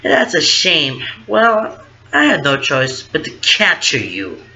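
A man voicing a scheming male villain jester in a read-aloud fan story, mocking and drawn-out. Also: on the high side, wildly swooping pitch, bright, forceful tone, muffled recording, slight background noise, pitched above the performer's own voice, full character voice.

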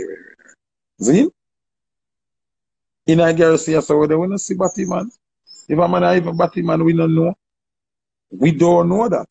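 A Jamaican man tells a story in casual patois and acts out the voices of the people in it. His voice sits a little high for a man and is gravelly and husky. His delivery is lively and full of quoted back-and-forth. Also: low-quality recording.

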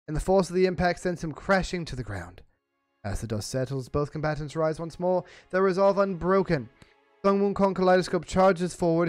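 Man putting on a pompous Cockney fight announcer. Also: lightly acted. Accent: put-on Cockney British. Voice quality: booming, grandiose, pompous. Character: theatrical male British fight announcer. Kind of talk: reading an AI battle story aloud on stream.

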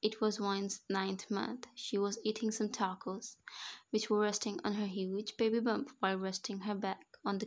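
A woman reads fan fiction aloud in a mid-pitched, nearly monotone voice. Her delivery is even and steady, with the odd stumble over a word. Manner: even, monotone reading with small slips.

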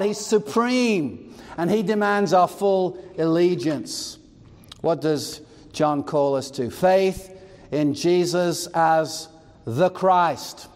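Emphatic preaching man in a reverberant hall. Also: sits high. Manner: emphatic, expository preaching with asides. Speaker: pastor. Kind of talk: sermon.

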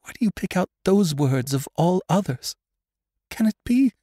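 A desperate young woman on the edge of breaking, her voice climbing high and wild as she pleads, as a male narrator puts her on. The tone swings widely and sits close and dry, like an audiobook read in a booth. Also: lively intonation, moderate pace, dark tone, husky, no room sound. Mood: anguished. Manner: pleading, rising into frantic cries.

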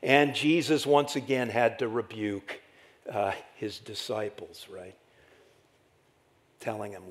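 A middle-aged man preaching a sermon as pastor, animated and rhetorical, often tagging lines with "right?". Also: fairly low pitch, slow, pauses often. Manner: animated, rhetorical "right?" asides, dramatic acted quotes.

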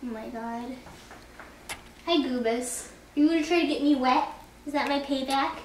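Young woman coaxing a dog, very high and unhurried, heard off-mic in an echoey bathroom. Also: recorded from a distance. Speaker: college student, dog owner. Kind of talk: casual chat. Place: small dorm bathroom. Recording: echoey, off-mic, noisy phone audio.

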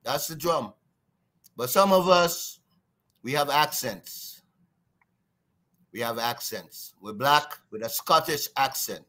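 A man's voice: medium pitch, slow pace, pauses often, sharp tone. A man from Trinidad with a Trinidadian accent, a guest drummer chatting playfully and laughing often. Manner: playful, laughs often, slips into put-on voices. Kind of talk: casual chat.

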